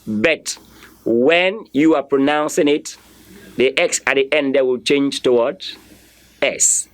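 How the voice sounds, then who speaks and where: A man teaching a French lesson, spelling words letter by letter and repeating them for learners to copy, firmly correcting common mistakes. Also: medium pitch. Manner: slow, drilling repetition with spelled-out letters. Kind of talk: online language lesson.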